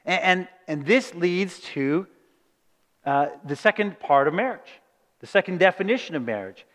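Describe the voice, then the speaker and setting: High-voiced animated preacher in a hall. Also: male voice, moderate pace. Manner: animated, acts out quoted voices, asks "right?" often. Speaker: pastor. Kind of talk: sermon. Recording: reverberant hall.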